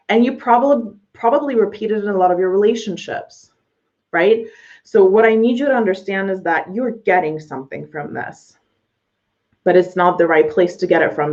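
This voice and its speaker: A woman coaching her audience directly in a blunt talk, swearing freely as she goes. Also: mid-range voice. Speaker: business coach. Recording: slightly dull lo-fi audio.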